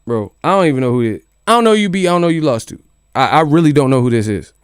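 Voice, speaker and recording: A man's voice: a little high, animated, quick pace, clear, resonant tone, no echo, studio quality. A man hosting a boxing news channel in casual commentary, joking and incredulous, with plenty of swearing. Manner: incredulous, joking, profane rant.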